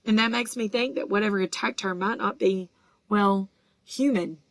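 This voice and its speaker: A brisk, earnest schoolgirl who knows her stuff, voiced by a woman reading an audiobook. The pitch sits in a middle register, and the dry recording has no room echo. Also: natural voice. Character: clever, bossy schoolgirl.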